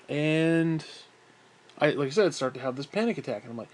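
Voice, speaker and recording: A slightly winded man rambles through a casual, swear-filled story, talking himself through it in asides. His voice sits a bit high for a man. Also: expressive, a little fast. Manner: profane, rambling, self-talk asides. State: out of breath.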